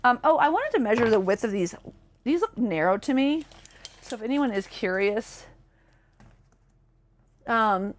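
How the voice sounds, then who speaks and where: A woman's voice: on the high side, very animated, unhurried, long pauses, slight background noise. A woman giving a casual, chatty walkthrough of a motorhome as a presenter, enthusiastic and full of fillers. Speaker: RV sales presenter. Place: inside a motorhome.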